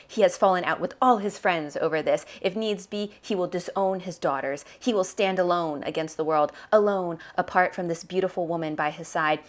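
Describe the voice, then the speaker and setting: A woman hosting her book review, speaking expressively and reading passages aloud with dramatic emphasis. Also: lowish voice.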